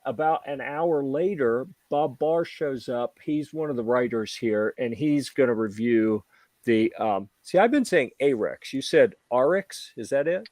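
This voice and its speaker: A man tells stories on a casual podcast and keeps jumping into quick impressions of the people in them. His voice sits in an ordinary middle range. He is recorded close and dry, with no room sound. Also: mid-range voice, dry recording. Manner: animated storyteller acting out quoted voices. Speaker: podcast host. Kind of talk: casual chat.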